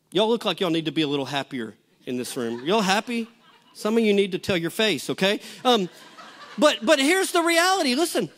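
A middle-aged pastor gives a sermon in a church auditorium. His voice sits unusually high for a man, and he talks in a folksy, storytelling way, stumbling and restarting his phrases as he goes. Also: a bit bright.

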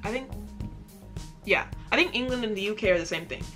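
A young woman from the United States talks straight to her viewers in a casual reaction vlog. She is chatty and self-mocking, and her voice has a bright, forceful edge with a light bed of music underneath. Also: medium pitch, lively intonation, a little fast. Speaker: reaction video host.

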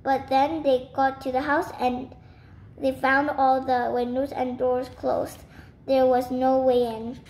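Woman reader, children's storybook, high voice, echoey room with faint hiss. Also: little pitch movement, slow, a little mellow. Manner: careful reading with small slips. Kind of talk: storybook read-aloud.

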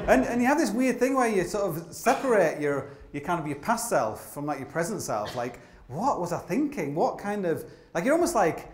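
A man with a high voice and big pitch swings speaks fairly quickly, performing comic, meandering climbing tales live in a theatre. He uses plenty of fillers and an occasional swear word, and the sound is roomy with faint noise.

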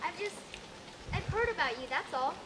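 A woman's voice: very high voice, animated, normal speed, background noise. A woman playing a blunt, exasperated young woman stranded in a fantasy land, in an improvised stage comedy scene. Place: theatre camp stage.

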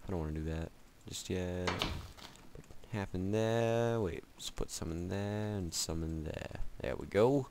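A man's voice: low-pitched, unhurried, noisy background. A man giving casual, rambling commentary over a video game, joking at his own expense and chatting to the game itself. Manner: rambling, jokey, self-mocking; talks to himself and the game. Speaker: gameplay commentator. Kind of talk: casual let's-play commentary.

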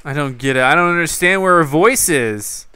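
A man in casual gameplay commentary, his voice bright and fairly high for a man. He talks slowly and loosely, muttering to himself and chatting with someone off-mic. Soft game music plays underneath. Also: expressive, clean tone. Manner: repeatedly shouts a name into the game mic. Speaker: gaming YouTuber.

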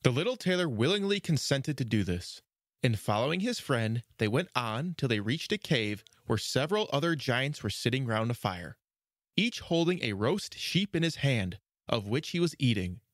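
Expressive male storybook narrator. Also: medium pitch, moderate pace, no room sound, clean studio sound.

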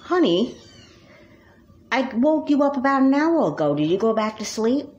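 A woman's voice: a little high, sing-song, normal speed, darkish tone, lo-fi sound. A woman voicing a firm, caring mom. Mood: concerned. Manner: firm and concerned. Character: caring, worried mother of two girls. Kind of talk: doll movie voice acting.

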